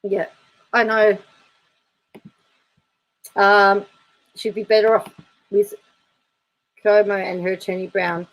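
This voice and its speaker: A woman's voice: mid-range voice, steady tone, slow, long pauses, poor audio. A woman YouTube commentator reading viewer comments aloud in a chatty, wry way, laughing between them.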